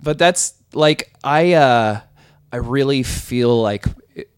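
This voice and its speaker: A podcast host in casual chat, relaxed and asking the guests questions. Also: medium pitch, slow pace, smooth, dry recording, studio quality.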